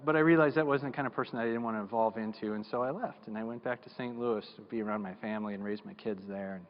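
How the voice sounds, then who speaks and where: A man's voice: on the low side, fast. Middle-aged man, keynote speaker, folksy and self-deprecating; dull sound with long hall reverb. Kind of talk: storytelling keynote speech. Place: large conference hall.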